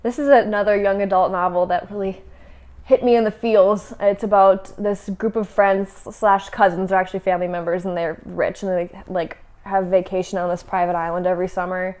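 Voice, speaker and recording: A woman's voice: medium pitch, fairly even intonation, moderate pace, darkish tone. A young woman casually chatting about books she has read, with many fillers and restarts. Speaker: book vlogger. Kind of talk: casual chat.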